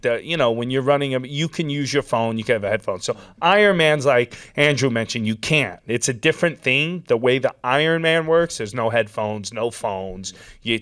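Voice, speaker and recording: A man telling a long story in a casual chat, animated and peppered with "dude" and "like.". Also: mid-range voice. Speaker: podcast guest.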